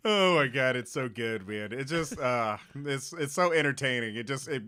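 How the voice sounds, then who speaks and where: A young man co-hosting a casual podcast, telling stories in a relaxed way and swearing casually. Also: mid-range voice, moderate pace, smooth. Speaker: podcast co-host. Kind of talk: casual storytelling chat.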